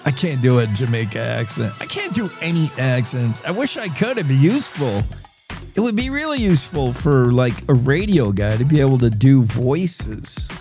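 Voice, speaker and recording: A man's voice: medium pitch, big pitch swings, moderate pace, over music. A man hosting a radio show, talking casually with rambling, joking asides.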